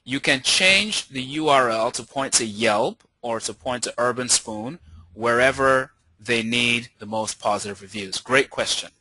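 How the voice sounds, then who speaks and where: A man hosting a webinar, walking listeners through a software demo in an upbeat way and checking in with them often. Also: mid-range voice, measured pace, no room sound, rough recording. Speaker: webinar host. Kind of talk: live software demo walkthrough.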